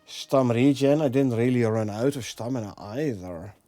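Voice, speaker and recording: A man's voice: mid-range voice, moderate pace, mellow, no echo, soft background music. A man from the Netherlands with a Dutch accent, streaming a game and chatting with viewers, thinking aloud and laughing often. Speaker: gameplay streamer. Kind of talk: casual live-stream commentary.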